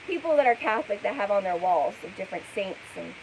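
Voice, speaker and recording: A woman's voice: medium pitch, big pitch swings, fast talker, slight background noise, poor audio. A woman giving casual vlog commentary, skeptical and rambling, with many fillers.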